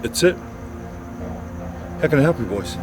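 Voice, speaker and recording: A man's voice: medium pitch, expressive, moderate pace. A man in an amateur comedy sketch, speaking in a laid-back, dry manner. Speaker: sketch performer. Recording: echoey, with loud music.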